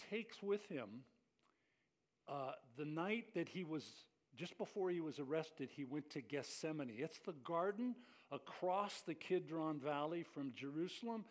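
A male pastor preaching a sermon, acting out the lines he quotes, often restarting words. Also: a little high.

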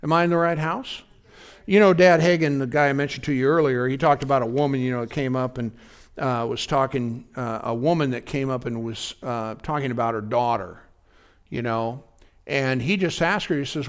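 A pastor with a clear, resonant, medium-pitched voice preaches at a normal pace. His style is conversational, and he often pauses to ask the congregation if they're keeping up.

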